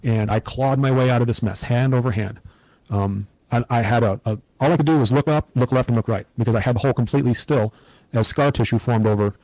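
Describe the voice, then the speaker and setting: A middle-aged man as an interview guest, telling a personal story in an earnest, reflective, steady way. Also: mid-range voice, quick pace, no room sound, low-quality recording.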